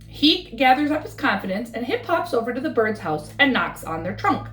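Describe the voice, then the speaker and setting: A woman reading a bedtime story aloud with a rhythmic, expressive delivery. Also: on the high side, fairly quick, hardly any pauses, roomy sound, faint music behind.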